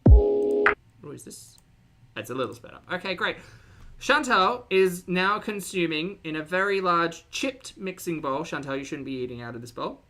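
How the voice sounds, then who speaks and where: A woman's voice: on the low side, animated, moderate pace, bright, forceful tone, soft background music. A woman streamer reacting to videos with sarcastic, mocking commentary.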